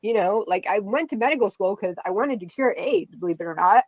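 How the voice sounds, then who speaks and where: A woman's voice: medium pitch, animated, a little fast, dry recording, lo-fi sound. A woman in her forties talking in a rambling, tearful way on a livestream, full of fillers. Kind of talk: rambling personal livestream talk.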